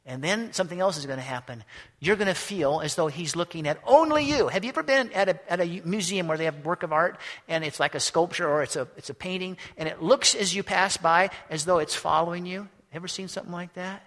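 A man preaching a storytelling sermon to a congregation, animated and acting out the scenes he describes. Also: sits high, brisk. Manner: animated, acts out scenes in voices. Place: church or hall. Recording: echoey hall.

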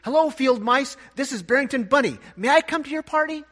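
Man doing a high, husky little boy bunny, lonely and weepy, long reverb. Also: big pitch swings, normal speed. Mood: pleading. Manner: tearful, pleading, rising high. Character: small sad lonely young bunny, male.

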